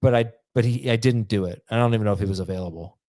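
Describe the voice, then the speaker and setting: A man hosting a casual podcast chat, reading listener emails aloud and talking in quick, halting bursts. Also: fairly low pitch, warm tone, no echo, studio quality.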